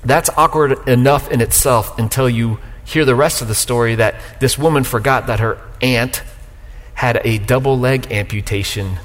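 Lively pastor in a reverberant church hall. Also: male voice, medium pitch, moderate pace. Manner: lively, joking, swings from loud to soft. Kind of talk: sermon. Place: church sanctuary, live congregation.

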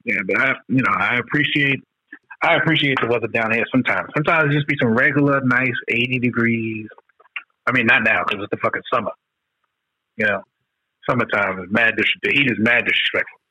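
Brief: New man, bright forceful voice with a husky edge, slangy casual podcast banter, muffled lo-fi audio. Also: mid-range voice, fairly quick, no echo. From New York. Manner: animated storytelling, heavy cursing, slangy. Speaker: podcast co-host. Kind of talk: casual chat.

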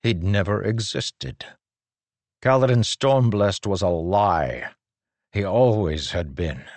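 Brief: somber male audiobook narrator, very low and husky, slow. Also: lively intonation, darkish tone, dry recording. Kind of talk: scripted narration.

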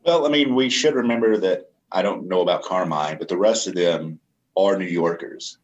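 A man's voice: sits low, normal speed, highs cut off. A man co-hosting a podcast, chatting loosely about music and swearing freely. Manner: laid-back, swears freely. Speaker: podcast co-host. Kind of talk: casual music review chat.

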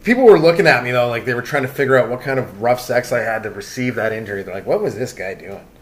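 A man's voice: mid-range voice, rapid-fire. A man from Canada hosting a solo comedy podcast, rambling loosely from one aside to the next with lots of fillers.

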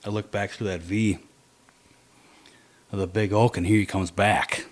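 Low-voiced man telling a hunting story. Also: measured pace. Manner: animated storytelling, quoting his own thoughts in low mutters.

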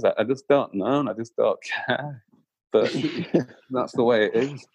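A man's voice: medium pitch, measured pace, slight background noise. A man, a guest musician, casually telling a long anecdote, rambling with lots of fillers and restarts and putting on voices for the people he quotes. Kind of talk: casual storytelling.

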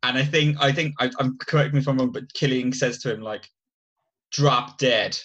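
A man's voice: medium pitch, fast talker, a bit bright, dull audio. A man co-hosting a podcast, talking enthusiastically about films with many restarts. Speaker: podcast co-host. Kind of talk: casual film chat.

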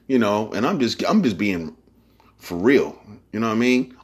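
A man's voice: on the low side, very animated, normal speed, breathy edge. Give me a man hosting a podcast in a loose, profane monologue. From San Francisco Bay Area. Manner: profane, rambling, streetwise slang. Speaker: podcast host.

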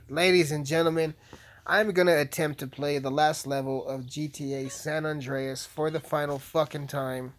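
A man's voice: a little high, steady tone, moderate pace. A man hosting a podcast, chatting casually with constant swearing and crude jokes while playing a video game. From United States. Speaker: podcast host. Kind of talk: profane casual podcast chat while gaming.

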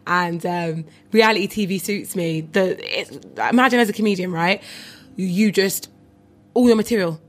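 A young woman with a London accent, a comedian chatting as an interview guest, animated and quick to laugh. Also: mid-range voice. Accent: London English. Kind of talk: casual interview chat.

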